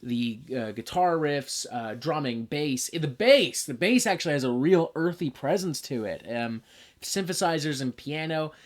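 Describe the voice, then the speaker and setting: A man's voice: fairly high pitch, expressive, normal speed. Man, casual chat, enthusiastic, swears a lot, album reviewer.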